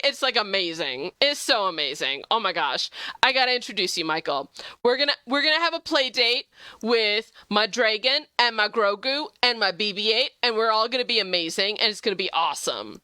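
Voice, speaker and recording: A young woman streaming a game, chatting with viewers in a bubbly, gushing way, jumping high when excited. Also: brisk, smooth, dry recording. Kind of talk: casual gameplay stream chat.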